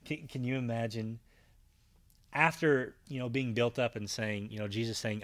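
A man's voice: medium pitch, fairly even intonation, unhurried, pauses often, fairly bright tone, dry recording. A man preaching a conversational Bible-teaching sermon, retelling scenes with voiced quotes and frequent fillers and restarts. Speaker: pastor.

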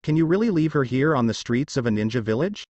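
A man reading a story aloud, voicing a calm male companion who talks in a nonchalant, matter-of-fact way. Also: medium pitch, fast, dry recording, lo-fi sound, lightly acted.

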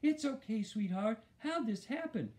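A man voicing a worried, gentle mother who slips into a Southern drawl. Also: very high-pitched, lively intonation, measured pace, voice pushed up. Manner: soft anxious Southern drawl.

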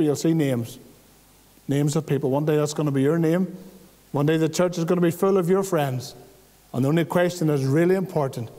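A man's voice: a little high, darkish tone. Northern irish guy preaching in church, pleading w homely examples, big reverby hall. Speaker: visiting preacher. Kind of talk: evangelistic church testimony preaching.

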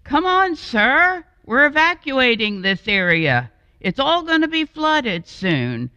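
A woman voicing a male flood rescuer who calls out high and loud with urgency. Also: very animated, slow pace, clear, resonant tone, no echo, long reverb tail, heavily acted. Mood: urgent. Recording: dull, lo-fi and dry.

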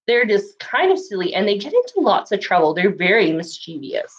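A woman with a medium-pitched voice, speaking a little fast over dull audio, is a library storyteller reading picture books to young children. She's animated, asks the kids questions along the way, and coughs now and then.

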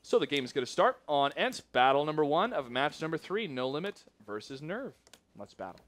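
Excitable male esports caster. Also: a little high, fairly quick. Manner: excitable, jumps up loud when surprised. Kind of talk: esports play-by-play commentary.

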